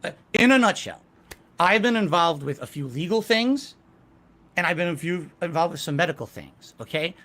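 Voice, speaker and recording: A man's voice: fairly high pitch, animated, normal speed, bright, forceful tone. A man answering interview questions over a video call, hesitant and evasive, restarting his sentences often. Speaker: interview guest, streamer.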